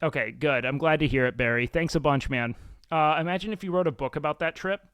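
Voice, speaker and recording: Guy streamer swearing a lot and poking fun at himself, smooth resonant voice, bone dry, right on the mic. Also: on the high side, quick pace, fairly bright tone, dry recording. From Mexican and Salvadoran heritage. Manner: profane, blunt, self-mocking. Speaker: livestream host. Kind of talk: casual stream chat, reacting and reading chat.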